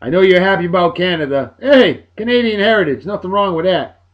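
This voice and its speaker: A man, giving upbeat, jokey birthday shout-outs to friends in a casual video blog. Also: high-pitched, expressive, a little fast. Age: 40s. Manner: upbeat and jokey, lots of catchphrases. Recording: dull lo-fi sound with faint music.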